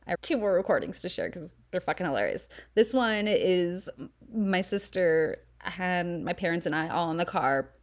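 A woman's voice: fairly low pitch, animated, normal speed. A young woman hosting a casual solo podcast, chatty and self-deprecating, laughing often and swearing freely. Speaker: podcast host.

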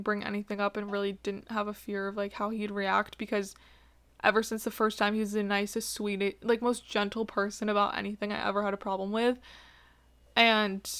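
Bright-voiced young woman on a podcast. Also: mid-range voice, clear, resonant tone. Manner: rambling, emotional, swears a lot, many fillers. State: tearful, crying. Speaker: podcast host. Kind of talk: casual personal podcast monologue.

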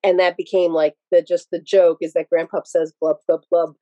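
A woman's voice: fairly low pitch, little pitch movement, moderate pace, dark tone, no echo, highs cut off. A woman from Pennsylvania, a podcast guest, telling casual stories in a rambling, digressive way with many restarts. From Pennsylvania, USA. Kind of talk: casual interview storytelling.

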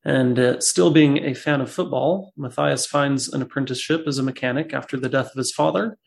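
A man co-hosting a casual podcast chat, with halting restarts and dry quips. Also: mid-range voice, steady tone, vocal fry. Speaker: podcast co-host.

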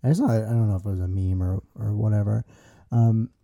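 Mellow man musing on a podcast. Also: fairly low pitch, fairly even intonation, creaky. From United States. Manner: reflective, builds his points slowly with restarts. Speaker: podcast co-host. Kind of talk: casual podcast chat.

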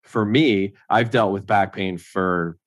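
A man in his thirties, speaking as an interview guest in a relaxed, chatty storytelling way. His voice sits on the low side and sounds dry and close, with no room echo. He slips easily into acting out what other people said, peppering his talk with "like". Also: slow. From Ontario, Canada. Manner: conversational, acts out others' lines, frequent "like". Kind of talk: casual personal storytelling.

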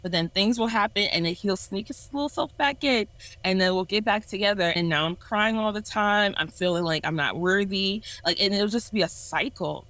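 A woman's voice: mid-range voice, normal speed, a bit bright, no echo, rough recording. A woman in her twenties sharing a candid personal testimony on a podcast in an earnest, self-reflective way. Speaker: ministry leader sharing a testimony.

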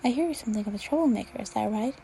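A woman voicing a kindly old male wizard headmaster, speaking gently and patiently in her own slightly high, gravelly voice. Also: animated, racing, a little hiss or hum, low-quality recording. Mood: gentle.

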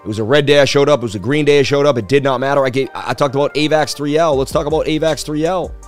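Hyped, boastful livestream trading host. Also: male voice, medium pitch, fast talker, soft background music. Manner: hyped, boastful, talks straight to viewers. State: slightly losing his voice. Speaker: crypto market analysis livestream host. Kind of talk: casual livestream chart analysis.

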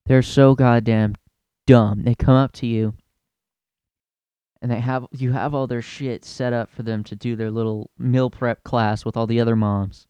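A young man hosting a comedy podcast, ranting in a profane, exasperated way with loud outbursts. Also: mid-range voice, little pitch movement, a little slow, clean tone, no room sound, muffled recording. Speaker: podcast host.

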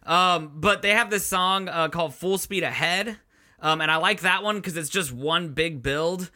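A man's voice: on the high side, normal speed, pushed and bright. A man co-hosting a podcast, chatting casually in a loose, easygoing way that is full of fillers. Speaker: podcast co-host. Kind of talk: casual chat.

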